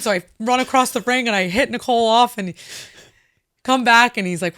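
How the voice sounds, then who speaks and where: A woman in her thirties, a guest in a studio interview, telling a story casually and acting out what people said in animated voices. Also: medium pitch, fast, no room sound. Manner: animated, acts out quotes in lively voices, swears casually. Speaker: interview guest, former wrestler.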